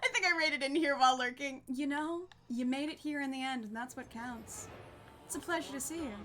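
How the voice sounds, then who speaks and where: A woman's voice: sits high, brisk, a bit bright. A woman streaming a game, chatting casually with viewers, bubbly and laughing often. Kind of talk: casual gameplay chat with viewers.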